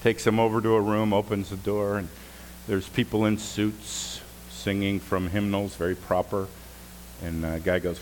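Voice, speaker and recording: A man preaching a sermon as pastor, telling jokes and stories in an animated way. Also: lowish voice, normal speed, slight background noise, poor audio.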